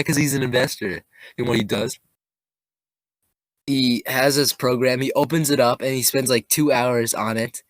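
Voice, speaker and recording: A man's voice: medium pitch, dry recording. A young man co-hosting a casual podcast, rambling through his points with lots of fillers. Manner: rambling, many fillers and restarts. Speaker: podcast co-host. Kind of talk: casual chat.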